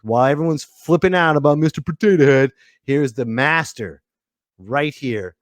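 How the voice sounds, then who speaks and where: A man hosting a comedy podcast, ranting excitably and tacking "okay?" onto his lines. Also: fairly high pitch, moderate pace, no room sound. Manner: excitable, rants and repeats "okay?". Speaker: podcast host.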